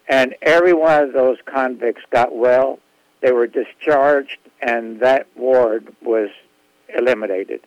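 A man speaking as a guest on a talk radio show, explaining his therapy practice in a halting way with frequent restarts. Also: mid-range voice, steady tone, no echo, lo-fi sound. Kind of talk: casual radio interview.

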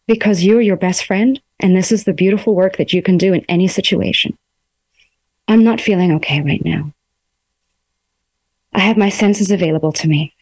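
Speaking from a room in her home, a woman with a fairly low voice gently coaxes listeners through their emotions in a self-help talk, voicing her self-talk aloud. There's no echo.

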